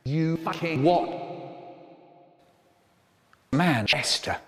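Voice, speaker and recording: A man in his seventies, or an AI clone of one, talking in a choppy, spliced comedy collage with sudden jumps in pitch and loudness. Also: very animated, slow pace, soft background music. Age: 70s. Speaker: impression of a famous storyteller. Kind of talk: comedic sentence-mixed collage.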